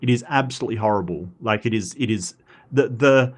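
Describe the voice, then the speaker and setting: Chatty Australian man, lowish voice. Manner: animated, quick pitch jumps, frequent fillers and restarts. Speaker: streamer host. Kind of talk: casual chat reading posts.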